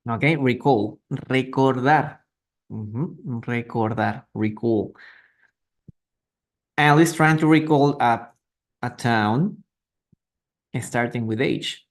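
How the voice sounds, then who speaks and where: A man's voice: mid-range voice, slow pace, pauses often. A man teaching English in a live online reading lesson, patiently repeating and translating words and asking students questions. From Peru. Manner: asks students questions and greets viewers. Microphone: phone or computer mic for a live stream.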